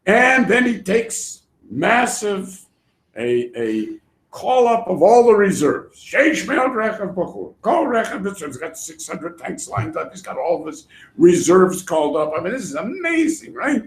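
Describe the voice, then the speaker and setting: A man teaching a Torah class in an animated way, acting out voices and laughing often. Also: sits high, a little slow. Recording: echoey room.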